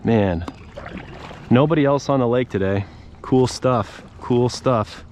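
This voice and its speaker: A man's voice: medium pitch, slow, darkish tone, a little hiss or hum. A man giving casual running commentary while fishing from a paddle board on a lake, chatting to the fish and his viewers. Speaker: fishing vlogger.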